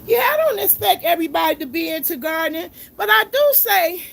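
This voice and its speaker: Casual livestream host, woman, outspoken ranting, gravelly voice. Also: very high-pitched, animated, a little fast, a bit bright, rough recording. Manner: ranting, outspoken, swears freely. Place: garden outdoors, then indoors.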